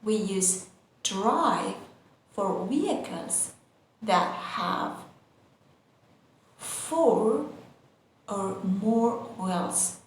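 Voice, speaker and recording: Woman teacher going super slow, says each word twice, big echoey room with a little hiss. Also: mid-range voice, animated. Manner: repeats each word twice, checks in with "okay?" and "got it?". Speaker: English teacher. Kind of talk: slow, repetitive vocabulary lesson. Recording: very echoey room, faint noise.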